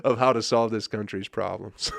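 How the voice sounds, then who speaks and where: A man's voice: mid-range voice, no room sound. A man from Flint, Michigan, hosting his comedy podcast, ranting and swearing constantly and often asking "you know what I mean, people?". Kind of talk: profane ranting monologue.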